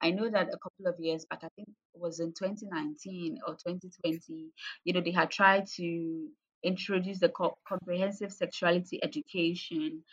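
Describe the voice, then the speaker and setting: A frank, passionate woman from Ghana speaks in a fairly low voice. She talks casually, full of fillers, and grows heated on things she cares about. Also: fairly even intonation, fairly quick, lo-fi sound. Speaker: guest activist. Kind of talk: casual conversation.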